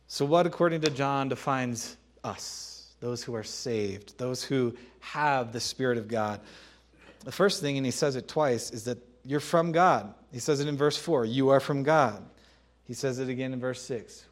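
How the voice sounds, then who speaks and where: A man preaching a sermon in a conversational, emphatic way, repeating key phrases and pausing to clear his throat. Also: mid-range voice. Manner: laughs and clears throat between points.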